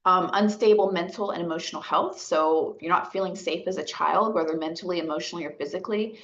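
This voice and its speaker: Low-voiced woman giving a gentle talk, dull audio. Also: fast. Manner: gentle, conversational, frequent "right?" and "okay?" checks. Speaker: caregiver outreach specialist. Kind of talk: educational webinar talk.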